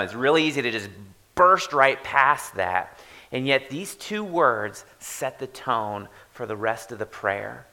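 A man preaching a sermon as pastor, in a conversational, animated way that often repeats and rephrases. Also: medium pitch, a little slow.

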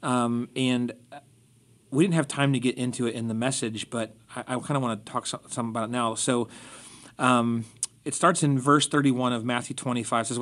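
A man's voice: medium pitch, fairly even intonation, normal speed, a bit bright. A man who is a pastor, casually discussing a Bible passage on a church podcast and explaining it with everyday examples.

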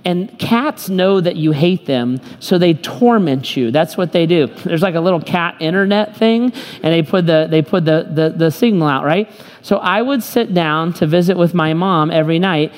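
A man's voice: on the high side, moderate pace. A man preaching a sermon as pastor, emphatic and joking as he tells stories to his congregation. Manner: humorous, emphatic storytelling preacher. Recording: long hall reverb.

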